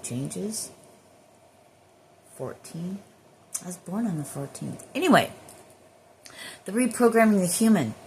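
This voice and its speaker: A woman with a low-pitched but very animated voice rambles through a casual spiritual monologue. She drifts between thoughts and swears freely, over a faint hiss of background noise. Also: gravelly. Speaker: spiritual healer.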